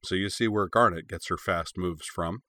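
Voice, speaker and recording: A man's voice: sits low, moderate pace, sharp tone. A man reading aloud, voicing a teasing young father.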